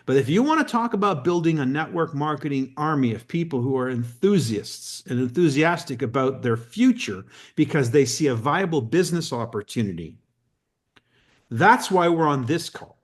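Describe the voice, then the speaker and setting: A man's voice: on the high side, moderate pace. A middle-aged man from Canada co-hosting a network marketing call, telling a story with emphasis and acting out the quotes. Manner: animated, emphatic, acts out quotes.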